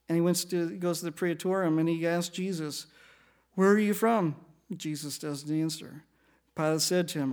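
High-voiced male preacher teaching scripture. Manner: reads scripture aloud then explains it, asking the listeners questions; acts out the speakers in quotes with shifting pace and loudness. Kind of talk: sermon, verse-by-verse Bible teaching.

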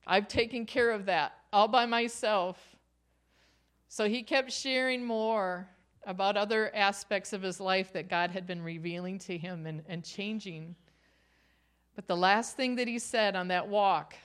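A woman's voice: medium pitch, a little slow. A middle-aged woman sharing her faith testimony, earnest and personal. She tells it like a story and often laughs lightly between thoughts.

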